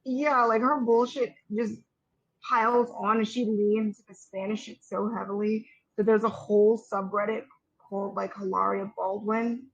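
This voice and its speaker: A young woman co-hosting a podcast, chatting casually with a snarky, slangy manner and quick asides. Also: medium pitch, level tone, lo-fi sound. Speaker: podcast co-host. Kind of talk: casual gossip chat.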